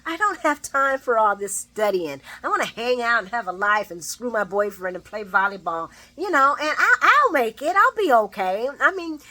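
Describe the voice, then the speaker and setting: Woman doing a tired young college girl, blunt and dismissive, bright high tone. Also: very animated, normal speed, hardly any pauses, heavily acted.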